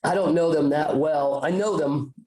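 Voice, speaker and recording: A man's voice: a little high, warm tone. Profane rambling podcast man, echoey room. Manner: rambling, profane, halting restarts. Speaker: podcast co-host. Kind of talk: casual storytelling chat.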